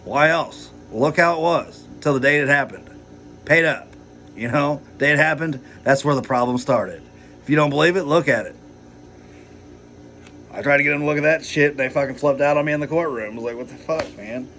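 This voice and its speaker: A man's voice: fairly high pitch, a little fast, fairly bright tone. A man rambling heatedly in a personal vlog, swearing a lot and filling his talk with "like" and "you know". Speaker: vlogger.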